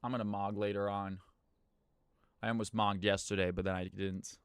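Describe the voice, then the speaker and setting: A male streamer chatting playfully with viewers and shoutcasting a custom game with hype. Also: lowish voice, flat delivery, moderate pace, clean tone, dry recording. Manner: playful, joking, laughs often, turns hype when casting. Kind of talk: live stream chat and esports play-by-play.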